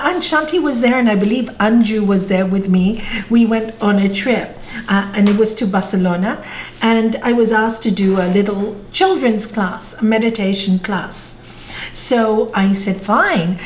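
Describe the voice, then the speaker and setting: A woman spiritual teacher answering audience questions on a video call, telling stories earnestly and correcting herself as she goes. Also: mid-range voice. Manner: storytelling, warm and earnest, with self-corrections. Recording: echoey video call room with faint noise.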